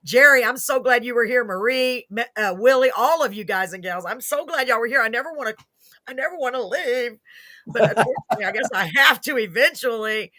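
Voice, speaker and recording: A woman's voice: a little high, a little fast, sharp tone, dry recording, studio quality. A woman hosting a live music show, chatting casually, gushing and laughing often as she rambles. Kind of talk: casual live-stream chat.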